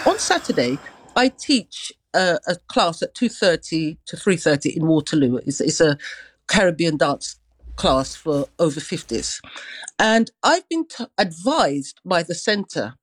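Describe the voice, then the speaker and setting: Expressive woman on radio. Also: fairly low pitch, no echo, low-quality recording. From London. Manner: expressive, acts out greetings. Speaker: radio guest and dance teacher. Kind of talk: live radio chat.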